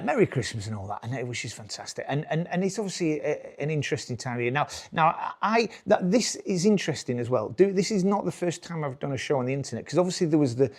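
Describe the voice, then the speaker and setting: A British man in his forties works the crowd in a stand-up set, with a voice pitched somewhat high for a man. He rambles, restarts his sentences and keeps checking in with the audience. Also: a little mellow. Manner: rambling, self-interrupting, chatty with the crowd. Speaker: stand-up comedian. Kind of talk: stand-up comedy.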